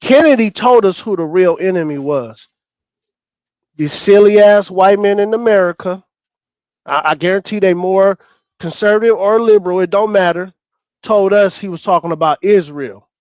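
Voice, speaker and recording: A man's voice: high voice, normal speed, a little mellow, no echo. A man arguing hotly on a call-in panel, fired up and profane, talking over the others on a remote call. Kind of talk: heated call-in panel debate.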